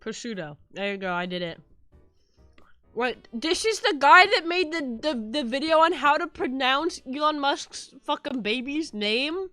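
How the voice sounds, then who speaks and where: A woman's voice: high-pitched, expressive, unhurried, a bit bright, no echo, soft background music. A woman streaming live, chatting casually and laughing often. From United States.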